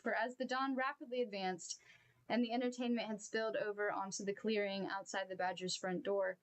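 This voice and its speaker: A woman reading a children's novel aloud, with expressive and emotional storytelling. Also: medium pitch, fairly quick.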